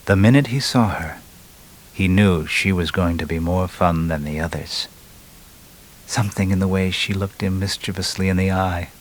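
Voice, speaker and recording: A man narrating a crime audiobook in an even, measured reading. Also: sits low. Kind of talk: scripted narration.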